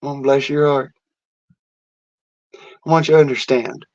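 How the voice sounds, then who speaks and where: A man's voice: medium pitch, steady tone, measured pace. A man delivering a defiant, boastful rant to camera, swearing heavily. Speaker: vlogger. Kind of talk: profane angry rant. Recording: dull lo-fi audio.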